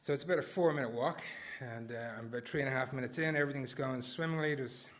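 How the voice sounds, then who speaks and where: A man's voice: medium pitch, fast, fairly bright tone. A man performing a comic personal story at a live story slam, rambling and self-mocking, laughing through his lines. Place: small live venue indoors.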